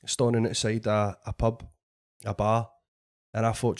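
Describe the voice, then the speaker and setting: A man with a Scottish accent, a podcast host and comedian, telling an animated story full of swearing in casual chat. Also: on the low side, a little slow. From Scotland.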